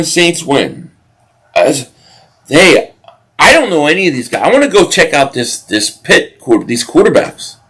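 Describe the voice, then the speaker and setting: A man's voice: high voice, fairly bright tone, poor audio. A man hosting a live-stream football watch party, chatting loosely, reading viewer comments and reacting to plays while often restarting his sentences. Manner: rambling, restarts sentences, reacts to the game and chat.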